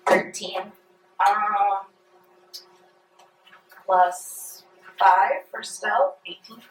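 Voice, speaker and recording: A woman's voice: medium pitch, fairly even intonation, drawn-out words. A woman taking part as a player, speaking tentatively and asking what she can do. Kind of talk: casual tabletop play. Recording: echoey room, far from mic.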